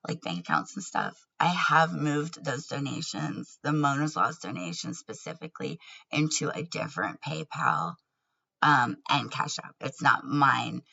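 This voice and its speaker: A woman's voice: extremely low pitch, sing-song, unhurried, gravelly, sharp tone, highs cut off. A woman talking candidly in a personal vlog, earnest and laughing often between words. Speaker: vlogger.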